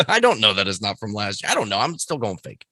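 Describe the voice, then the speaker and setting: A man's voice: fairly low pitch, huge pitch swings, a little fast, sharp tone, no room sound, clean studio sound. A man co-hosting a podcast news quiz in casual chat, swearing freely and laughing often as he teases his co-host.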